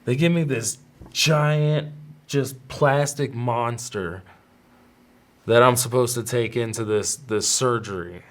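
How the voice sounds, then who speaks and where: A man's voice: mid-range voice, takes it slowly. Rambling male podcast host telling a story. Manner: rambling, self-interrupting, with laughs and quoted voices. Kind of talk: casual storytelling monologue.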